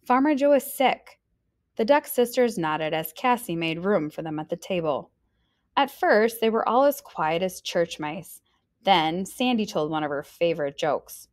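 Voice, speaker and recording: A woman reads a children's picture book aloud to young listeners. Her pitch swings widely and brightly as she leans into each line. She slips into little voices for the animals as she goes. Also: a little slow. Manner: lively, expressive reading with voices. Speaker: teacher reading aloud. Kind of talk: storybook read-aloud.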